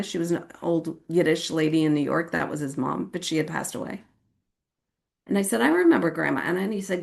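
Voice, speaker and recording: A woman speaking a little fast with vocal fry shares her personal recovery at a meeting; she's from California. She talks casually, repeatedly using "like" and "you know what I mean," and acts out quoted voices in a sudden high pitch.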